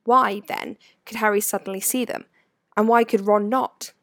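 A woman narrating a storybook in an expressive, varied reading, recorded close to the mic. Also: medium pitch, moderate pace, no echo. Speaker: audiobook narrator.

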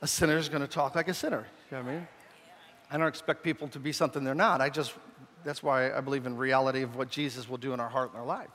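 A man preaching, a pastor telling a humorous story in a relaxed, conversational sermon. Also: mid-range voice, quick pace. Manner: humorous, conversational, self-deprecating. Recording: long reverb of a large hall.

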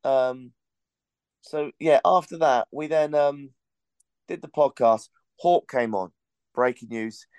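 A man's voice: medium pitch, takes it slowly, pauses often, a little mellow, smooth, dry recording. Man rambling through a story. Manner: rambling anecdotal storytelling with swearing. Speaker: podcast host. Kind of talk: casual podcast chat.

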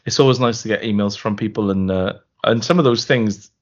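A man's voice: lowish voice, fairly quick. Joking man with muffled sound. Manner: playful, joking, many restarts. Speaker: podcast co-host. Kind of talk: casual chat.

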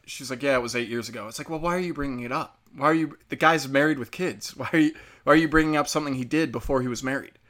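Man, podcast host, casual rant, sharp bright voice, sarcastic, swears a lot. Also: mid-range voice. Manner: profane, sarcastic, heated. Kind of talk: casual ranting monologue.

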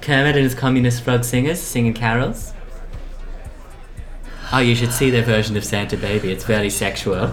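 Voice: mid-range voice, fairly even intonation, normal speed, long pauses, soft background music, close to an everyday voice. A performer as Spooky, a grandiose schemer. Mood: scheming. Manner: rambling, wheedling, grandiose. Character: eccentric scheming party planner, grandiose. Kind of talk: improvised comedy audio play.

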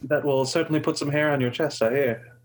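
A man voicing a poised, flirtatious woman wanderer in a cloak, gracious and smooth-spoken. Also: a little high, steady tone, fairly quick, slight background noise, lightly acted. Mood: charming.

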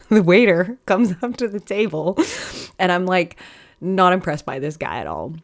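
A young woman with a low voice hosts her podcast in a loose, chatty way. She tells her dating stories frankly, swears freely and laughs often as she goes. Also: sing-song, measured pace, gravelly. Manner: candid, profane, laughs often while telling stories. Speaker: podcast host. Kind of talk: casual storytelling monologue.

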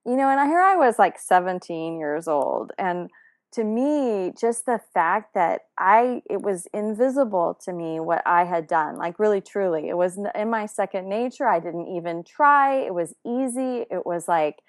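Woman, animated storyteller, mid-range voice, lots of fillers and restarts. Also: mid-range voice, moderate pace. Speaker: guest telling a personal story. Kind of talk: casual personal storytelling.

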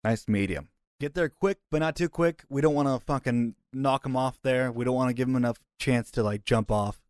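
A man at a tabletop game talks in a casual, joking way, repeating himself now and then. His voice sits at a middling pitch and the sound is dry and close. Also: normal speed, darkish tone, no room sound. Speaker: player.

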